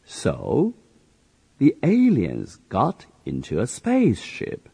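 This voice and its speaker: A man reading a simple story aloud in short phrases, slowly and evenly, so that learners can repeat each one. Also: mid-range voice, huge pitch swings, gravelly, mellow, breathy edge. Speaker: reading teacher.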